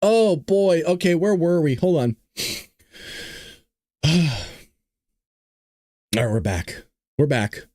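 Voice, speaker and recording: Male host, dry close sound, lively sarcastic delivery, mocking commentary. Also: a little high, takes it slowly, pauses often, no echo. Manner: sarcastic, laughs often. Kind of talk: casual news commentary.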